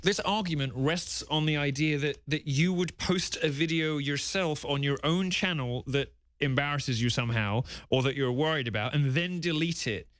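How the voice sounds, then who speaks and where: A man's voice: a little high, moderate pace, few pauses, fairly bright tone, dry recording, clean studio sound. A man from Britain appearing as a guest commentator, bantering in an arch, witty way and laughing often. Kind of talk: bantering live broadcast chat.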